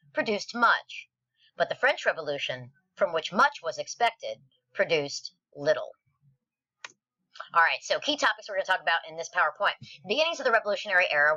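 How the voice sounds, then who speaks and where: A woman gives a history lesson over slides in quick, chatty bursts, full of playful asides. Her voice is bright and a little low, and the recording sounds dull and lo-fi. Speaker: history teacher.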